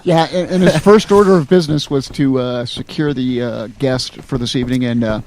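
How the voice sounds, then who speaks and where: A man's voice: mid-range voice, a little fast, a little mellow, a little hiss or hum. A man co-hosting a live radio music show, bantering with a dry, joking manner.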